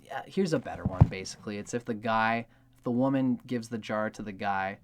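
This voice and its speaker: Background noise sits under this brisk, lowish male voice as he talks through an astrology topic. His explanatory monologue is casual and meandering, heavy on fillers, and he performs any quoted lines.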